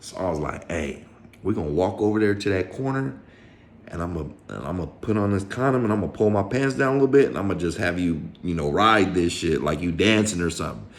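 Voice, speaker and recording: A man's voice: sits low, animated, fairly quick, echoey room, slight background noise. A man telling a story to camera in a casual, slangy, profane way, with lots of swearing. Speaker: storyteller vlogger.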